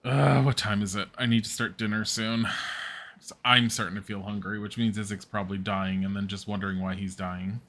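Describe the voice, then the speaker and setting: A man's voice: lowish voice, steady tone, brisk, a bit bright. A man streaming a game, talking casually to himself, muttering, groaning and swearing at setbacks. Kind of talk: casual gameplay commentary.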